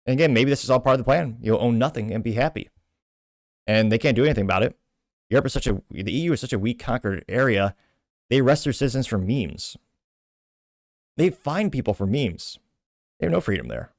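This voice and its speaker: A man's voice: medium pitch, lively intonation, a little fast, gravelly, pauses often, dry recording, clean studio sound. A man hosting a show, delivering indignant, emphatic political opinion commentary. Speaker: show host.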